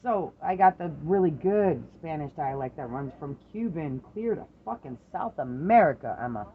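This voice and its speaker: A middle-aged parent in a casual chat with their adult daughter, telling lively stories, swearing freely and acting out the voices of the people in them. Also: mid-range voice, moderate pace, narrow, tinny audio, slight background noise. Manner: animated storyteller, swears freely, acts out quoted voices.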